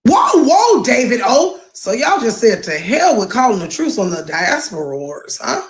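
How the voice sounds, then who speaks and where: A woman hosting a commentary video, sounding lively, incredulous and sarcastic. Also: medium pitch, moderate pace, reverberant, rough recording. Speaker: host.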